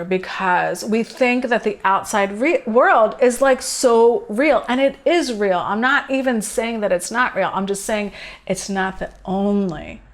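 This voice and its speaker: A woman with a medium-pitched voice hosts a spiritual video talk. Earnest yet casual, she shares a personal story and thinks out loud.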